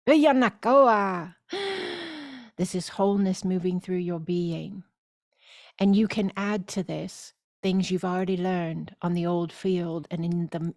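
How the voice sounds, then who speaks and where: A woman leading a spiritual course, speaking deliberately and soothingly with loud gasping inhales and repeated phrases. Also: fairly low pitch, dry recording, studio quality. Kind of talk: slow guided spiritual teaching.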